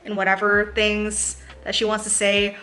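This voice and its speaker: A young woman chatting to camera about books she read, talking in quick asides and laughing often. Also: mid-range voice, completely flat delivery, pushed and bright, a little hiss or hum. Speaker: book vlogger. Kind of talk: casual chat to camera.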